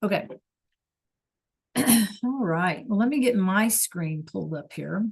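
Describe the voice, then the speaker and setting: A woman teaching a class over a video call, explaining slowly and patiently and checking in with "okay?" all the time. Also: medium pitch, animated, gravelly, slightly rough. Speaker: Spanish teacher.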